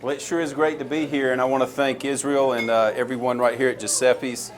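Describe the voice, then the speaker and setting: A man in his forties speaks with a Southern American drawl. He gives a campaign stump speech in a folksy, storytelling way, pitched in a plain middle register. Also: level tone, fairly quick, background noise. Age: 40s. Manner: folksy, earnest storytelling with a crowd-rousing push. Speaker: presidential candidate.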